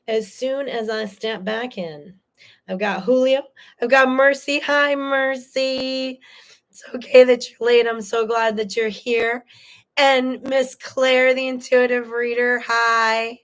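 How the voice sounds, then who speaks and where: A woman hosting a live tarot reading stream, speaking earnestly and spiritually to viewers by name, with fillers and restarts, sometimes getting emotional. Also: lowish voice. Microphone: streaming to viewers live, no moderator.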